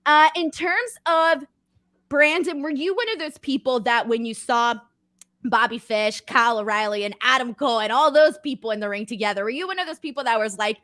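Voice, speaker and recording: Woman, live-stream host, high voice, upbeat and chatty, dry sound. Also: brisk, a bit bright, no echo. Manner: upbeat, chatty, laughs easily. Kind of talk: casual live-stream chat.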